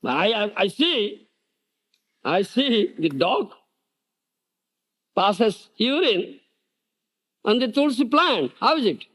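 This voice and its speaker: An older man teaching a devotional lecture in a high, lively voice that leaps up and down. He speaks slowly, pressing his points with rhetorical questions and ready laughter. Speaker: spiritual teacher.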